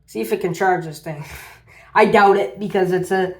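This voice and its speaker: A man's voice: high-pitched, normal speed, darkish tone. A man casually reviewing a power bank on his channel, rambling and often repeating himself as he talks through the tests. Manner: rambling, repeats "as you can see". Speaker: tech reviewer. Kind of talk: casual product review vlog.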